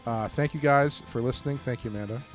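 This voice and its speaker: A man's voice: mid-range voice, fast talker, soft background music. A man co-hosting a casual horror movie podcast, rambling with lots of fillers and restarts. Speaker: podcast co-host.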